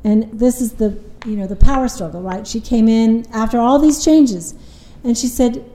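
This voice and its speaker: Mellow-voiced woman therapist explaining. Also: a little high, normal speed, echoey room, rough recording. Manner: earnest, explanatory, quotes clients. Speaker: couples therapist. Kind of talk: conversational podcast explanation.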